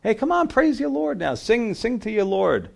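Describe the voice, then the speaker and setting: Preacher putting on a high jeering captor, sing-songy and taunting, way up above his normal voice. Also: sing-song, moderate pace, creaky, full character voice. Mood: mocking. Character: mocking male captors taunting believers.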